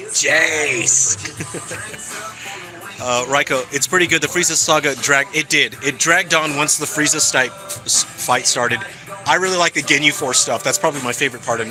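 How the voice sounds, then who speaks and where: A man's voice: on the high side, low-quality recording. A man chatting casually and cheerfully on a live stream, answering his viewers as he goes. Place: hangout spot in California.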